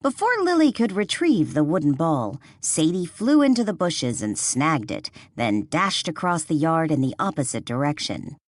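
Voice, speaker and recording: Woman audiobook narrator, low voice, lively swinging pitch, dry close recording. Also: moderate pace, hardly any pauses, dry recording. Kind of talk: scripted narration.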